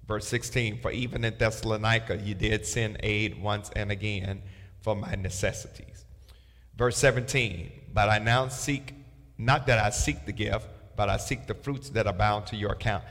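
A man with a fairly low voice teaches through a Bible passage verse by verse. He reads each line and then tells the class what to underline, circle or highlight. His voice rings out with a long hall reverb. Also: steady tone, moderate pace, fairly bright tone. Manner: reads scripture aloud with marking instructions. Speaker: pastor.

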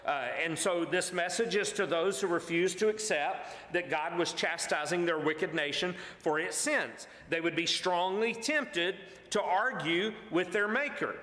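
Man, pastor, sermon, earnest, emphatic, fillers, high voice, roomy hall echo. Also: measured pace, few pauses, bright, forceful tone. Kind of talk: verse-by-verse Bible teaching. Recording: echoey hall with long reverb.

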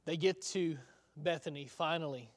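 A man's voice: a little high, normal speed. Conversational male preacher, reverberant hall. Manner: conversational storytelling, rhetorical questions. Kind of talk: sermon.

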